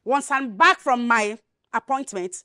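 A woman's voice: on the high side, unhurried, bright, forceful tone, clean tone, no room sound, clean studio sound. An actress with a Nigerian accent playing a haughty rich married woman who orders people around with scorn. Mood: bossy. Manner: commanding, scornful.

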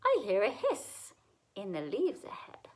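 A woman voicing a big, hungry, easily fooled male monster in a storybook read-aloud, speaking loudly and slowly. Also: mid-range voice, wildly swooping pitch, very noisy. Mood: wary.

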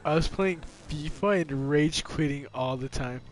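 A man's voice: on the high side, measured pace. Joking young man streaming games, music under. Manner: joking, swearing, excitable. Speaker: gamer streaming with friends. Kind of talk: casual gaming chat.

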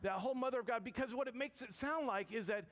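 A woman's voice: a little high, quick pace. A woman pastor giving a conversational, joking sermon in a church, often putting questions to the congregation. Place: church sanctuary. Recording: long church reverb.

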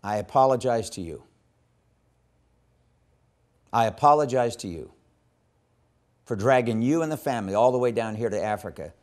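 A man's voice: medium pitch, expressive, normal speed, long pauses. Impassioned male evangelism teacher. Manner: impassioned, swings from loud emphasis to hushed quoting. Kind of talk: teaching sermon with storytelling.

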